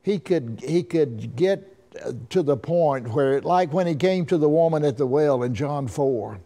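Slow, mellow-voiced Bible teacher, Alabama man. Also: fairly high pitch, expressive. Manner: folksy, halting, repeats words. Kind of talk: Bible lesson.

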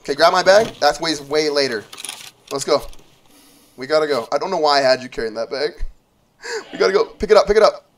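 A young man streaming a game, excitable and swearing, shouting orders to his teammate. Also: fairly high pitch, a little fast, pauses often. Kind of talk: live gameplay commentary. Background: background music.

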